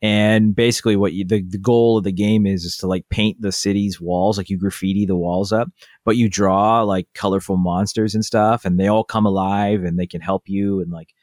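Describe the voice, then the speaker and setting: On a casual chat, a male podcast co-host rambles on at length in a friendly, talkative way. His voice sits fairly low, slightly mellow, with fairly even intonation and a moderate pace. It's a clean studio recording with no room sound.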